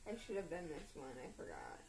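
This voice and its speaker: A woman chatting casually with her sister, teasing in quick banter. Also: deep voice, wildly swooping pitch, gravelly, a little mellow, roomy sound, rough recording. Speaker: family member. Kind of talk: casual chat.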